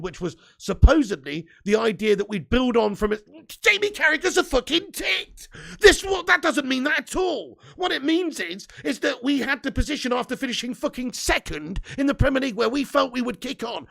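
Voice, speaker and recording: A man's voice: very high voice, gravelly, fairly bright tone. A man hosting a live football fan stream, ranting and swearing indignantly. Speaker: fan channel host.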